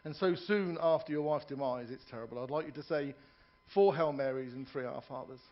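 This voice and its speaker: A man's voice: mid-range voice, fairly quick, lo-fi sound. A man performing stand-up comedy in a ship's theatre, telling jokes, doing characters' voices and joking with the audience.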